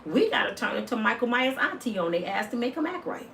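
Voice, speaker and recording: A woman giving a comedic opinion rant, loud and blunt, full of asides. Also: on the high side, very animated, fast talker, creaky, reverberant, distant mic, a little hiss or hum. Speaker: commentator.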